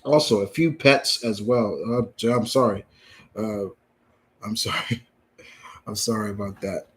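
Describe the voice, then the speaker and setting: A man's voice: lowish voice, steady tone, unhurried, fairly bright tone, slight background noise. A young man hosting a live Q&A, reading out viewer questions and answering them in a casual, blunt way. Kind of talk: live Q&A chat.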